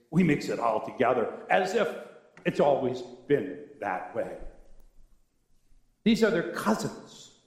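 An older man preaching a sermon as pastor, talking in a conversational, wry and sometimes sarcastic way. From American South. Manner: conversational, wry and sarcastic, with animated swings of pitch. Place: church sanctuary. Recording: echoey church sanctuary.

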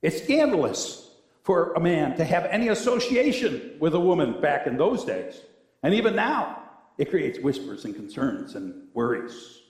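An older man preaching a sermon as pastor, talking in a conversational, wry and sometimes sarcastic way. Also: a little slow. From American South. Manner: conversational, wry and sarcastic, with animated swings of pitch. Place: church sanctuary. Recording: echoey church sanctuary.

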